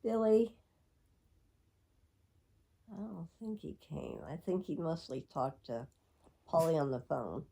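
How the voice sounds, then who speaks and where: A woman's voice: sits low, sing-song, slow pace, creaky, long pauses, mellow, breathy edge. A middle-aged woman telling a rambling, reflective personal story to her viewers. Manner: rambling, reflective, with frequent laughs. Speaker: vlogger.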